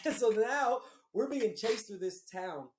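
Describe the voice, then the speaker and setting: A woman's voice: fairly high pitch, slow pace, echoey room, background noise. A woman co-hosting a podcast, telling a story in casual chat, swearing freely and acting out what others said. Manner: animated, swears freely, acts out quoted dialogue. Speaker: podcast co-host.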